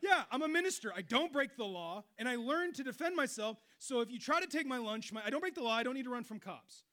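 A middle-aged man preaches with a high, bright voice. He is animated, bursting into loud exclamations and then dropping to quiet, low passages. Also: quick pace. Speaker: pastor. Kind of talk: sermon.

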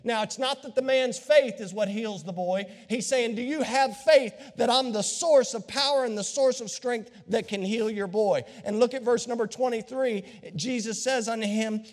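A man preaching a sermon as pastor, dramatic, acting out the voices of Bible figures and swinging from hushed tones to shouts. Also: very high-pitched, moderate pace, hardly any pauses. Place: church sanctuary. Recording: long hall reverb.

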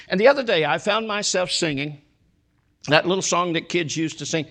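Gravelly guy preaching a sermon, leans hard on words, drags the big ones out slow. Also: high voice, fairly bright tone. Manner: emphatic preaching, stretching key words slowly. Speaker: pastor.

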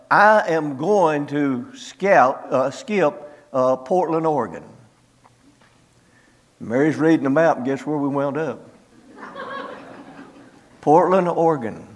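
A man preaching a sermon as pastor, reading scripture slowly and emphatically with many "uh" fillers. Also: on the high side, big-room sound.

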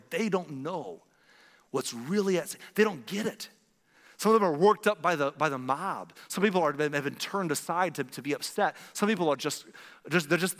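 A man preaching a sermon as pastor, talking in a conversational, animated way and acting out quotes. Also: on the high side, in a large hall.

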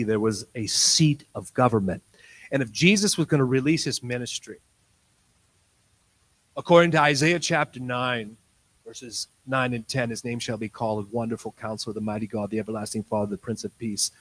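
A man preaching a sermon, telling a story in acted-out dialogue and swinging from quiet asides to loud, excited bursts. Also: mid-range voice, poor audio. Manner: tells stories in quoted dialogue.

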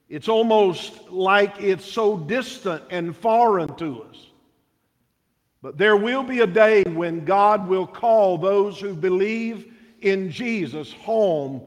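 A man preaching a sermon in a church, slow and measured, with dramatic pauses. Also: sits high. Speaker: pastor. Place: church sanctuary. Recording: reverberant church sanctuary.

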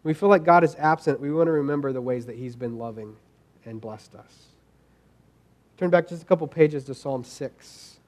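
A man's voice: mid-range voice, normal speed, darkish tone. A man preaching a sermon in an earnest, conversational way, full of fillers and restarts, and reading scripture aloud. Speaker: pastor.

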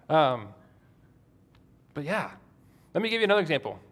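A man's voice: a little high, very animated, moderate pace, long pauses, fairly bright tone. A man preaching a sermon in a conversational way, asking the congregation questions. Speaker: pastor.

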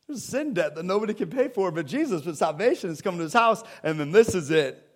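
A fast-talking man with a high-sitting voice and lively intonation preaches in a church sanctuary. As pastor, he speaks conversationally with the congregation and acts out Bible scenes in quoted voices.

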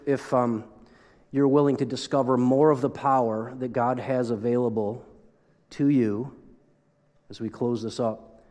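A middle-aged man preaching a sermon as pastor, animated, with joking asides and frequent restarts. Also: mid-range voice. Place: church sanctuary. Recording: long hall reverb.

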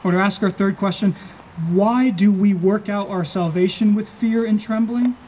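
A pastor preaching an earnest sermon, slowing down and stressing key phrases. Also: male voice, high voice, fairly even intonation, a little mellow, slight background noise.

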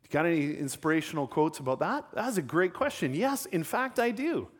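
A man's voice: on the high side, big pitch swings, brisk. Dry-humored man telling a story. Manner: dry, self-deprecating humor, conversational storytelling. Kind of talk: sermon-style talk with storytelling.

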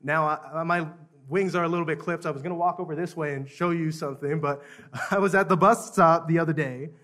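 A man's voice: on the high side, fairly even intonation, fairly quick, a bit bright. A Baptist preacher telling a story in a sermon, often chuckling and repeating words as he goes.

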